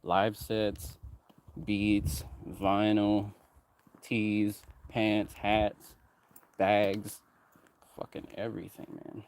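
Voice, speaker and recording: A man's voice: lowish voice, completely flat delivery, very slow, pauses often, darkish tone, a little hiss or hum. A man who runs a music production company, talking in a loose, rambling way, drifting between topics and swearing freely. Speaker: music producer and label owner. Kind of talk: rambling casual talk, heavy swearing.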